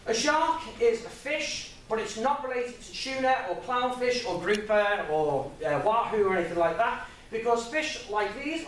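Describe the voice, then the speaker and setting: A young man giving an informal, jokey talk to an audience, chatty and quick to laugh at his own stories. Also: sits high, fairly bright tone, a little hiss or hum. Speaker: guest speaker. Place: lecture room with audience. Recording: echoey room, mic at a distance.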